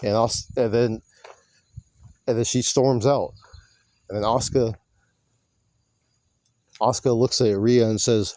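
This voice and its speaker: A man's voice: medium pitch, moderate pace, long pauses, darkish tone, no room sound. A man recapping a wrestling show in a loose, rambling monologue, swearing casually and often correcting himself. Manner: rambling, profane, self-correcting.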